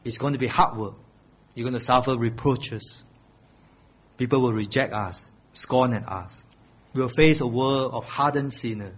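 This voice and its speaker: A man's voice: mid-range voice, measured pace, long pauses, husky. A middle-aged male pastor preaching a sermon, earnest and pleading, repeating his key phrases.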